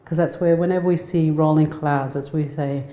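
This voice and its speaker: Speaking in a lecture hall with echoey reverb, this guest speaker is an Australian woman in her 40s. She tells personal stories in a warm, heartfelt, conversational talk, restarting often. Her low voice moves quickly and keeps a fairly even intonation.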